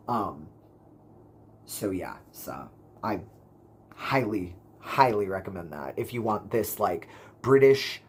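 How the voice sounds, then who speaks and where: Man, casual book vlog, rambling, lots of fillers, mid pitch, faint hum behind. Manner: rambling, full of fillers and self-corrections, enthusiastic. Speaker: book vlogger.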